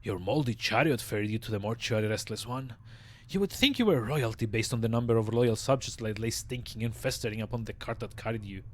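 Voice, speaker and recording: A man voicing a frail, ancient male mortuary scribe in a raspy, grave, slow voice while reading game dialogue aloud. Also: mid-range voice, lightly acted. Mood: solemn. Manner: slow solemn speech broken by coughing rasp.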